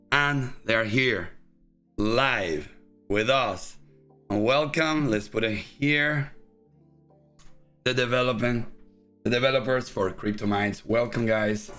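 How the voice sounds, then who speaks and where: A native Spanish speaker with a Spanish accent hosts a casual livestream interview, chatting loosely and using plenty of fillers. His voice is medium-pitched, fairly bright, clear and resonant.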